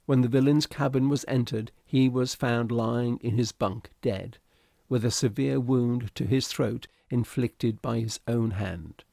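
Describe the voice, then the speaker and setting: Gravelly male audiobook narrator. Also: mid-range voice, fairly even intonation, measured pace, dark tone, dry recording, studio quality. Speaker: reader. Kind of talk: audiobook narration of a classic story.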